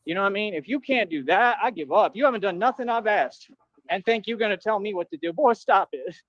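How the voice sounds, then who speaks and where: Man, high voice, defiant street talk, muffled replayed clip. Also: fast, dry recording. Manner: defiant, street slang, calls people bro. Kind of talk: clip played on a livestream.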